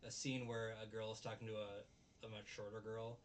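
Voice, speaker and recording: A man co-hosting a casual review chat, retelling scenes and putting on quick voices for the characters. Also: fairly low pitch, monotone. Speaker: podcast co-host reviewing an anime. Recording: distant mic with faint background noise.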